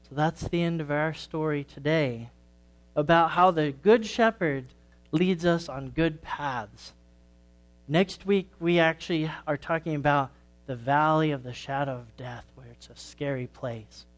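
A man, a pastor, reading a story to the children during a church service, in a gentle storytelling manner. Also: fairly high pitch, unhurried.

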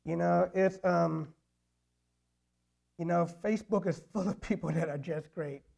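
A man's voice: sits high, measured pace, gravelly, darkish tone. A man preaching a sermon in a conversational way, full of "you know" fillers and repeated phrases. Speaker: pastor.

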